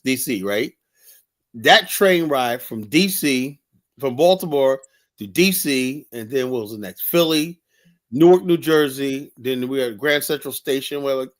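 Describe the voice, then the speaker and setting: A man hosting a heated casual debate show, talking in an animated, repetitive way and swearing often. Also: mid-range voice. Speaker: host.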